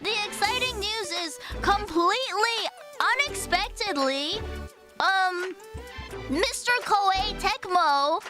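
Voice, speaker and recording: A woman's voice: very high-pitched, takes it slowly. A young woman from Canada chatting on a live stream, sleepy, giggly and swearing as she answers her chat. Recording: loud music playing underneath. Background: loud background music.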